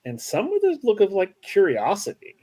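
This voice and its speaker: A man's voice: sits high, wildly swooping pitch, moderate pace, warm tone. A man narrating a tabletop game as game master, casual and hesitant with many fillers.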